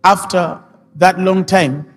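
A man with a high voice delivers a sermon, retelling scripture and pressing his points with emphatic rising questions. His voice rings with a long hall reverb, and faint music plays underneath. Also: steady tone, slow pace, fairly bright tone. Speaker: pastor.

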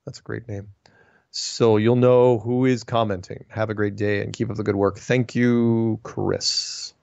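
A man's voice: on the low side, level tone, measured pace, creaky, darkish tone, no echo. A man hosting a casual monologue, reading viewer emails aloud and ranting in a chatty, opinionated way with frequent restarts. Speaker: host answering viewer mail. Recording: dull lo-fi sound, dry.

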